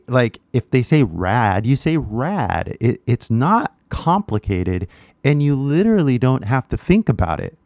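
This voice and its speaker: A man's voice: mid-range voice, darkish tone, no echo, clean studio sound. A man with a Californian accent teaching English in a casual, slangy way, full of "like" and "right?". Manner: laid-back slangy talk with lots of "like" and "right?". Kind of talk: casual direct-to-camera lesson.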